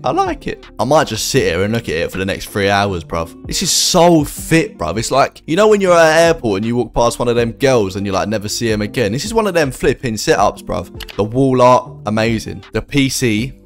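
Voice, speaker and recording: A young man giving casual, joking reaction commentary on viewers' sim racing setups, full of slang. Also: medium pitch. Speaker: YouTuber rating viewers' setups.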